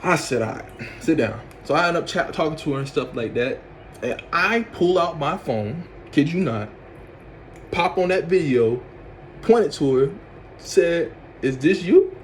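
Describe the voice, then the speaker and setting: Young man, casual storytime vlogger, lively, acts out his reactions. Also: a little slow, slight background noise. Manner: animated storyteller, acts out his own reactions with loud high outbursts and laughs.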